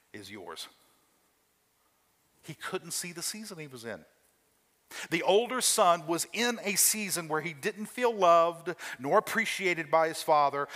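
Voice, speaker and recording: Man, pastor, sermon and prayer, slightly high voice, emphatic, repeats questions, loud-to-soft swings.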